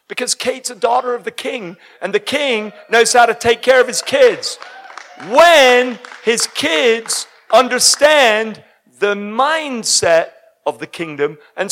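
Man, preacher, sermon, high-pitched, emphatic, shouts. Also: slight background noise.

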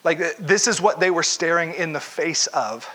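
Guy pastor giving a sermon, bright edgy voice, keeps asking the crowd stuff, really into the story. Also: a little high, moderate pace. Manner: animated storyteller, questions the congregation directly.

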